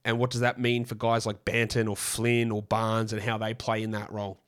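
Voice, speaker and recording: A man hosting a solo fantasy basketball podcast, hoarse from losing his voice, talking in an opinionated, rambling way with frequent self-corrections. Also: fairly low pitch, monotone, brisk. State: hoarse from a lost voice.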